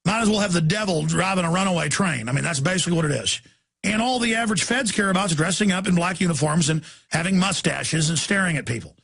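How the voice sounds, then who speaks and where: Animated and quick, a man's high, gravelly, raspy voice carries his angry political rant as a talk show host. He repeats himself and bursts into shouting.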